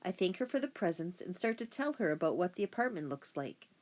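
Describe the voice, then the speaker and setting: A woman narrating a first-person children's audiobook in a steady storytelling voice. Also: fairly low pitch, fairly quick.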